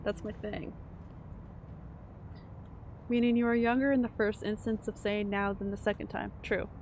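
A woman's voice: mid-range voice, level tone, normal speed, darkish tone, a little hiss or hum. A woman streaming a video game, chatting casually, laughing often and answering her chat. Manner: chatty, giggly, reads chat aloud.

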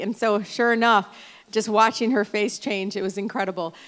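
A woman in her forties from Detroit tells family stories from a convention stage, her speech rising to loud, emphatic peaks. Her voice is smooth and resonant, with a mid-range pitch. A long reverb from a large hall trails behind her words. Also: steady tone, moderate pace. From Detroit, Michigan. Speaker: congresswoman giving a convention speech.

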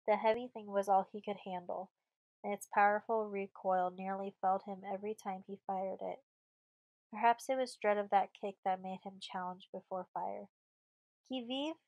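Lady reading a storybook aloud, steady pace, mid pitch, dry no-echo sound. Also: normal speed. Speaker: audiobook narrator. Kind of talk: scripted narration.

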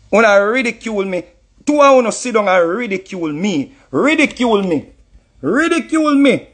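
A Jamaican man speaking in a strikingly high, husky voice. He talks through clips in an indignant, mocking, repetitive way, building his complaint point by point. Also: fairly bright tone. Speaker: reacting artist. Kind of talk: heated reaction commentary.

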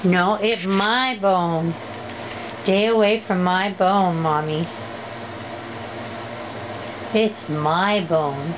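A woman voicing her female pet dog, speaking slowly and stubbornly as the dog guards its bone. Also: on the low side. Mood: defiant. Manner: slow, stubborn, drawling. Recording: home recording with steady background noise.

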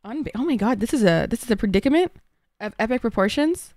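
A woman's voice: on the high side, expressive, quick pace, a little mellow, dry recording, clean studio sound. A woman streamer chatting to her viewers, flustered and swearing often. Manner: flustered, swearing, talks to chat. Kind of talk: casual live-stream chat.

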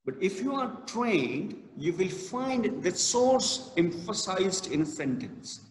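Slow, emphatic man lecturing in an echoey hall. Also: high-pitched, sing-song, a little hiss or hum. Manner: slow, emphatic, stresses key words. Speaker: college lecturer. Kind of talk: classroom lecture.

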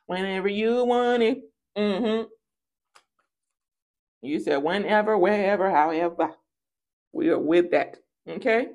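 A woman's voice: medium pitch, takes it slowly, pauses often, darkish tone. A woman doing a casual tarot reading for her viewers, talking in a playful, sassy and theatrical way, with singsong rhymes and acted-out bits. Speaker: tarot reader.

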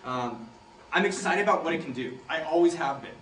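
Young male speaker, casual joking storyteller, slightly high voice, picked up from afar in a roomy hall with light hiss. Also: lively intonation, brisk, fairly bright tone. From San Jose, California. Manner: laughing, joking, swearing freely. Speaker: speaker giving a talk to students. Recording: roomy, from a distance, faint hiss.

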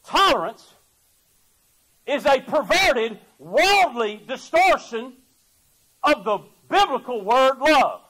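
Preacher, very high voice, emphatic, folksy asides. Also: male voice, big pitch swings, slow, fairly bright tone, rough recording. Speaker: pastor. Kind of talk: sermon.

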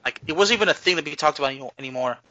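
A man's voice: on the high side, very fast, bright, forceful tone, no echo, highs cut off. A man co-hosting a podcast, chatting casually and thinking aloud with restarts. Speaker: podcast co-host.

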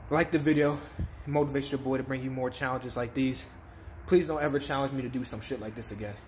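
A man's voice: mid-range voice, fairly even intonation, fast, slight background noise. A young man vlogging to camera, in pain and sniffling, pleading in short repeated bursts. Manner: distressed, repetitive pleading. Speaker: YouTuber doing a spicy chip challenge. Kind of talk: casual vlog to camera.

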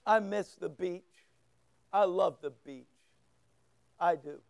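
A man's voice: high-pitched, slow, gravelly, no echo. A man preaching a sermon, fervent and emphatic, with rising bursts. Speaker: pastor.

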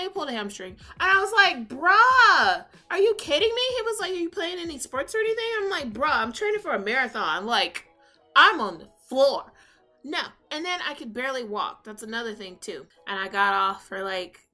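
Bright-voiced animated woman vlogger. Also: mid-range voice. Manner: animated, swings from calm to loud excited retelling. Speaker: beauty vlogger. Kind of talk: casual storytelling while doing makeup.

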